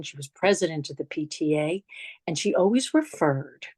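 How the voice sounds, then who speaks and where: Middle-aged New York woman, presenter, reflective and conversational, lower pitch, dry sound. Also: lively intonation, normal speed, darkish tone, no room sound. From New York City. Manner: conversational, reflective, frequent restarts and asides. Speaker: memorial lecture presenter. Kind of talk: personal storytelling lecture with slides.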